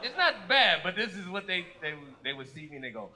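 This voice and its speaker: A man from Fresno performing a stand-up comedy set, telling stories with loud acted-out quotes on a club stage. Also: sits high, sing-song, fairly quick, background noise. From Fresno, California. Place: comedy club stage before a live audience.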